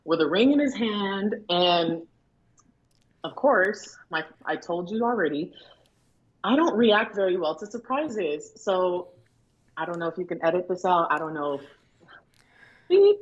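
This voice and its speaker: A woman's voice: on the low side, expressive, unhurried, muffled recording. A young woman, a bride, telling her story as a guest in a casual chat, acting out the quotes and laughing often. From Filipino family in America.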